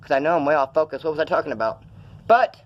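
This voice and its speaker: A man's voice: on the high side, lively intonation, quick pace, dull audio. A young man telling stories in a rambling, profane way while feeling ill, filming himself in a room. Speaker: vlogger. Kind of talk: casual rambling vlog.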